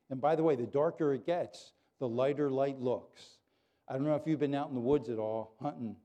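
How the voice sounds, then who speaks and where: With a medium-pitched voice, a pastor addresses his congregation in an animated, earnest sermon, occasionally softening into prayer.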